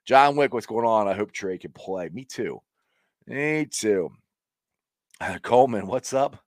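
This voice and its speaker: A man's voice: lowish voice, lively intonation, measured pace, dry recording. A man hosting a casual live-stream sports talk show, reading viewer comments in an upbeat, rambling way, often repeating words and chuckling.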